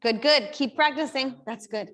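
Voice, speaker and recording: A woman's voice: sits high, normal speed, fairly bright tone. A woman physical therapist leading a group exercise workshop in a fitness studio, giving chatty coaching cues. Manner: upbeat, chatty coaching cues with frequent "like" and "right?".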